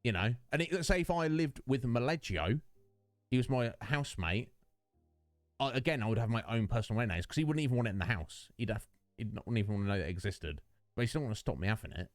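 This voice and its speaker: Joking man, animated pitch. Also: quick pace, no echo, soft background music. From United Kingdom. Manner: rambling, joking, answers chat by name. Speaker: Twitch streamer. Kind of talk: casual chat while streaming a game. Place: home streaming setup. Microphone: studio dynamic microphone.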